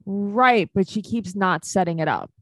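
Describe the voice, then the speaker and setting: A woman co-hosting a podcast in casual chat, chatty and quick to agree and jump in. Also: mid-range voice, no room sound, clean studio sound. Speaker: podcast co-host.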